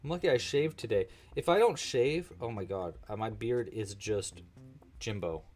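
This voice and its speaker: A man's voice: fairly low pitch, normal speed, a little mellow, soft background music. A man casually teaching a crochet-along on a livestream, chatty and playful, often chatting with his cat. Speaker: crochet instructor.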